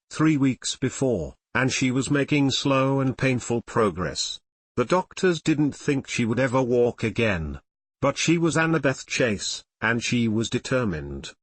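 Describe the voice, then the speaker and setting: A male narrator reads fan fiction aloud with a lively, swinging pitch. His voice sits in a middle register and sounds dry and close to the mic. The telling is animated and storytelling. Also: no echo. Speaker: audiobook reader.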